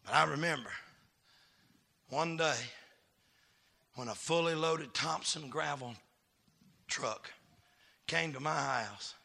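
A middle-aged man, a pastor telling folksy stories that build into shouted preaching. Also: medium pitch, vocal fry. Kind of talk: sermon.

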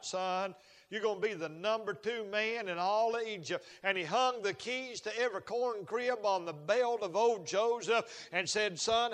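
A man preaching a sermon, telling Bible stories in a folksy way that builds to shouted fervor. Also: high-pitched, in a large hall.

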